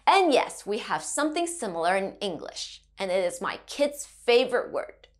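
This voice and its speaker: A woman's voice: medium pitch, very animated, moderate pace. A woman teaching a children's language lesson, playful and sing-song, a mother drawing out her tones.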